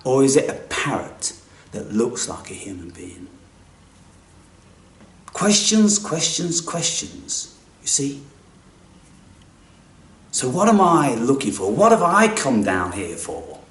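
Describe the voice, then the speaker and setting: A man giving a spiritual monologue, theatrical and blunt, dropping to hushed whispers and rising to loud outbursts, and swearing casually. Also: medium pitch, big pitch swings, moderate pace. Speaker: spiritual speaker. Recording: echoey room, mic far off.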